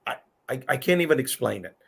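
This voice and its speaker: A man's voice: mid-range voice, sing-song, quick pace, creaky, slightly rough. Older guy hosting a live chat show, earnest storyteller, punchy emphasis. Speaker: host.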